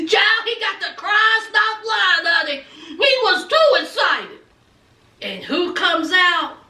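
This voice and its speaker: High, lively woman dishing a TV recap. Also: takes it slowly, far from the mic. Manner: dramatic storytelling, says honey and child a lot, acts out lines. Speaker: vlogger recapping a TV episode. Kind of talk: animated casual recap. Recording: roomy sound, a little off-mic.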